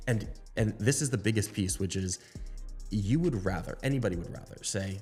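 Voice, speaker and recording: A man's voice: fairly low pitch, normal speed, faint music behind. A man hosting a podcast, explaining ideas in a coaching way. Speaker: podcast host. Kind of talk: casual podcast conversation.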